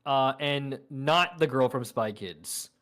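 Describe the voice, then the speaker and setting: A co-host on a game stream, chatting casually and retelling a film plot in an animated, rambling way. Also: mid-range voice, takes it slowly. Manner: animated, chatty, lots of "like" fillers.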